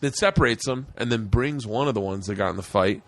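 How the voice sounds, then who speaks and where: A podcast host in his forties telling loud, profane stories and slipping into voices. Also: mid-range voice, fairly quick, no echo. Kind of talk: casual chat, animated storytelling.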